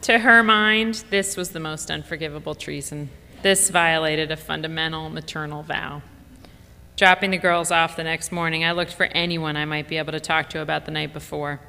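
Low bright-toned woman narrating wryly. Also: fairly even intonation, moderate pace, vocal fry. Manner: wry, reflective. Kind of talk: audiobook memoir narration. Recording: long reverb, faint rumble.

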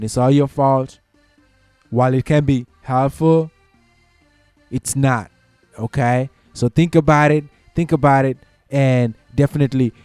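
A commentator with a mid-range, dark-toned voice and no echo talks casually through workplace advice. Conversational throughout, he repeats his points, checks in with the listener, and addresses people as y'all and folks.

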